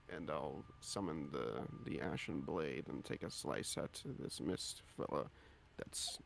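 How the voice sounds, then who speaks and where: A man playing a tabletop game, talking in a halting, casual way. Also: very deep voice, creaky, a little hiss or hum. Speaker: player. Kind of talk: tabletop role-play.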